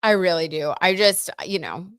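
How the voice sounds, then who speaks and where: A young woman hosts a casual livestream, chatting her way through gossip and tarot readings in a loose, filler-heavy way. Her voice sits low for a woman. The sound is close and dry, with no room echo. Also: normal speed, clean tone. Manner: chatty, gossipy, lots of "like" and "you know".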